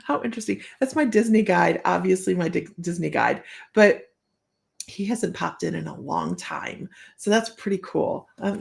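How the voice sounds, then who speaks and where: A woman's voice with a gravelly, fry-edged texture, doing a psychic reading on a casual live stream. She talks in a loose, rambling way and laughs often between thoughts. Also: on the low side. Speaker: psychic medium.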